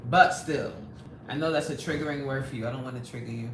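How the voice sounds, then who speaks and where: A woman's voice: extremely low pitch, quick pace, slight background noise. A woman hosting a livestream, chatting casually, laughing often and greeting viewers by name. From New York. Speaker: livestream host. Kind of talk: casual livestream chat reading comments. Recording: echoey room, voice off mic.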